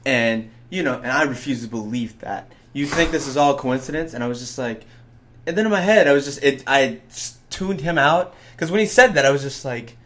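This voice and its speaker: A man's voice: medium pitch, lively intonation, fairly quick, a bit bright. A young man co-hosting a casual podcast, meandering through an anecdote, laughing and swearing often. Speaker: podcast co-host. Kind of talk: casual chat.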